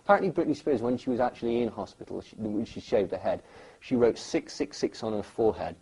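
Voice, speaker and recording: A man, a guest in an interview, talking in a rambling, animated way with lots of fillers. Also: medium pitch, fast talker, husky, rough recording. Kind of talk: conversational interview.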